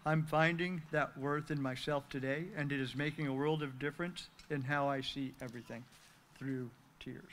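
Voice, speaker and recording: A man's voice: a little high, fairly even intonation, brisk, few pauses, a bit bright, slight background noise. Earnest man sharing his testimony. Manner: earnest, heartfelt, grateful. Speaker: speaker sharing recovery testimony. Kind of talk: prepared testimony read aloud.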